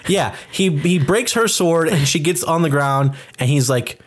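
A man's voice: a little high, measured pace. A man co-hosting a casual movie review podcast, retelling scenes animatedly and acting out the characters' lines in raised voices. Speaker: podcast co-host.

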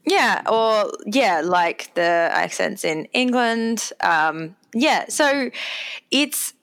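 A woman co-hosting a podcast in casual chat, animated and quick to agree. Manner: animated, jumps in pitch, eager agreement.

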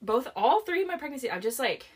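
A young woman co-hosting a casual chat, telling stories in an animated way and acting out what people said. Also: high voice, fast, husky. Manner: animated, laughing, acts out quotes. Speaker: podcast co-host.

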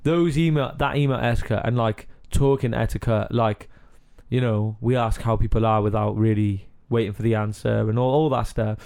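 A young man with a Cardiff accent talks in easy, unscripted conversation, his sentences looping with fillers and little tag questions. His pitch sits in an ordinary middle range for a man. He laughs often as he makes his points. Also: steady tone, moderate pace, vocal fry, few pauses, darkish tone, clean tone. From Cardiff, Wales. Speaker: rapper. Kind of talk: casual chat.

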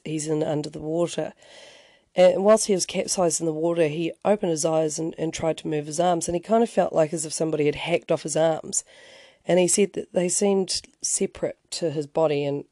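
A man's voice: a little high, warm tone, no echo. A man hosting a podcast, telling a story in a casual, rambling way with many restarts and wry asides. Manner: conversational, rambling, frequent restarts and "you know". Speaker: podcast host.

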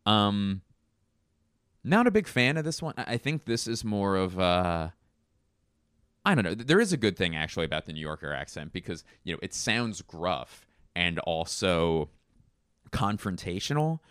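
A man's voice: sits low, big pitch swings, moderate pace, a bit bright, smooth, no room sound, studio quality. A man hosting a casual solo podcast, rambling and joking with plenty of swearing. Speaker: podcast host.

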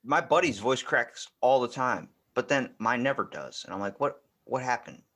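A man's voice: medium pitch, lively intonation, normal speed, fairly bright tone. A man hosting a podcast, chatting casually in a rambling, joking way and laughing often. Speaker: podcast host. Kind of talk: casual chat.

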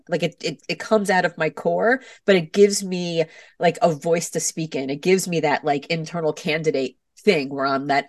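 Lively storytelling middle-aged woman, dry and distant. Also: sits low, no echo. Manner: animated storyteller acting out voices. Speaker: author and guest. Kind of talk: podcast interview.

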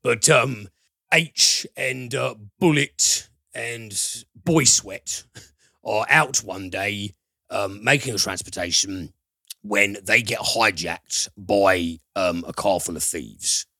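A man with a very deep, creaky voice and a forceful, bright edge talks slowly through a film's plot in a casual review chat. He rambles with many fillers and swears while retelling scenes, and the sound is close and dry with no echo.

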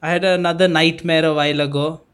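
A man with a notably high voice co-hosts a laid-back podcast chat. He tells his stories in a loose, rambling way, full of restarts, casual swearing and frequent laughter. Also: little pitch movement, fast talker, fairly bright tone, clear, resonant tone. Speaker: podcast co-host.

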